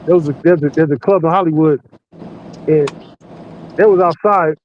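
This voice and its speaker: High-voiced man telling loud profane stories. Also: moderate pace. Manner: animated, profane, laughing storyteller. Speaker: podcast host working night security patrol. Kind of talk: casual storytelling chat. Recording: muffled lo-fi with faint hiss.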